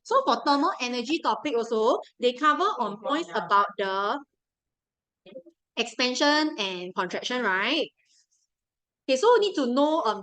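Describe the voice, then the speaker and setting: A woman's voice: a little high, fairly bright tone, rough recording. A young woman with a Singaporean English accent teaching a live science revision class, chatty and repeating key points to coax her students along. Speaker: science tutor.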